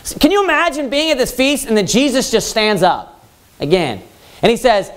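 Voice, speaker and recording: A man preaching a Baptist sermon loudly and emphatically, repeating his points and rising to yelling. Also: very high-pitched, sing-song, a little fast. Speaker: pastor.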